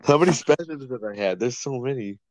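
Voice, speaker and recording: A man's voice: mid-range voice, expressive, fairly quick, dry recording, low-quality recording. A young man co-hosting a podcast in a laid-back way, with chuckling asides. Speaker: podcast co-host. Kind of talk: casual chat.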